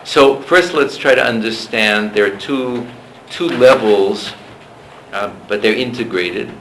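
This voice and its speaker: A male lecturer leading a seminar, talking in a discursive, halting way with frequent restarts. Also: fairly low pitch, a bit bright, reverberant, slight background noise, poor audio.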